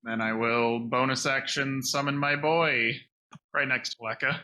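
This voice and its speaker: A man playing a tabletop game, throwing out quick wisecracks between his turns. His voice is strikingly bright and sharp, sitting at a middle pitch. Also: fairly even intonation. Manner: joking, wisecracking. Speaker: player. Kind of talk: casual tabletop play.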